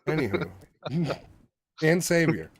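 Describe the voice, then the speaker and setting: A man's voice: fairly high pitch, very animated, slow pace, slightly rough. A man in his thirties hosting a podcast, joking and swearing his way through a casual chat with friends. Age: 30s. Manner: joking, profane, riffing. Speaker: podcast host. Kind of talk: casual crude banter.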